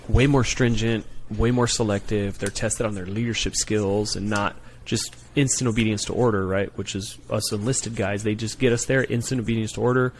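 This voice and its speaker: A man, a Marine gunnery sergeant and former recruiter, telling stories on a podcast in a profane, animated way that keeps checking in with "right?". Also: on the low side, a little hiss or hum. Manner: profane, animated storyteller, peppers talk with "right?". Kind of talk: casual podcast storytelling.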